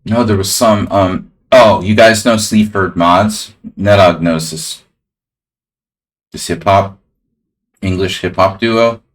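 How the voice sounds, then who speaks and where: A man's voice: low-pitched, slow pace. A man casually commenting on his own chess game on a live stream, rambling and talking to his chat.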